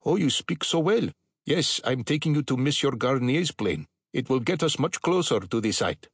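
A man's voice: mid-range voice, lively intonation, moderate pace, breathy edge, no room sound, studio quality, pitched above the performer's own voice. A man voicing an eager, polite Egyptian fixer who speaks courteous, broken English.

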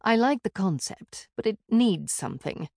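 A woman's voice: medium pitch, expressive, moderate pace, vocal fry, a little mellow, dry recording. A woman voicing a wry, teasing young female friend with dry humor.

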